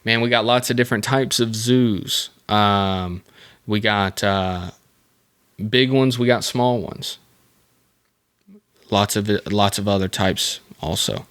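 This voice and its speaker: A man's voice: on the low side, takes it slowly, a bit bright, clear, resonant tone. A man hosting a casual solo podcast, rambling through the topic with jokey asides and self-mocking comments. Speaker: podcast host.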